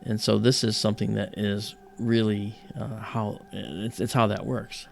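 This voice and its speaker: A man's voice: lowish voice, little pitch movement, a little slow, creaky, slight background noise. A middle-aged man hosting an astronomy livestream, chatting casually and rambling with lots of "you know".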